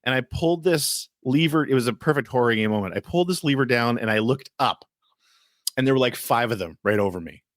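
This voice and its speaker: Speaking a little fast with lively intonation, a man co-hosts a podcast in a loose, rambling chat full of fillers and false starts. His mid-range voice is recorded dry at studio quality.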